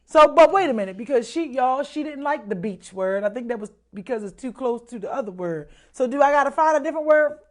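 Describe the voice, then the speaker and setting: High voiced lady guest chatting away, laughy, says things twice for punch. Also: brisk, few pauses. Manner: animated, laughing, repeats herself for emphasis. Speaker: show guest. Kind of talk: casual live-stream chat.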